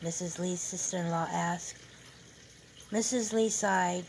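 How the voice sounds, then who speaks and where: A woman narrating a novel chapter aloud at a steady, measured pace. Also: on the low side, a little hiss or hum, low-quality recording.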